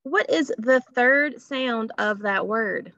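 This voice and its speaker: Slow, patient woman teaching phonics. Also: on the high side, pushed and bright, no echo. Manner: slow, patient, drawing out sounds and asking questions. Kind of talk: phonics lesson for children. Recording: dull lo-fi recording.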